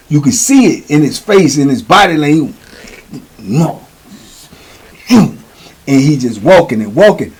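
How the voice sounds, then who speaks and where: A middle-aged man spins prison stories in a loose, slangy style, circling back with repeated phrases. His voice sits a touch higher than most men's. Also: a little mellow, slightly rough. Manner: slangy, repetitive, conversational. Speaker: storyteller, show host. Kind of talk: casual prison storytelling.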